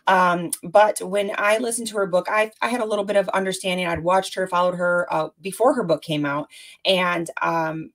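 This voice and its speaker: A woman's voice: lowish voice, fairly even intonation, moderate pace. A woman in her forties hosting a casual podcast interview, bubbly and effusive, with plenty of fillers. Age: 40s. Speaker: podcast host.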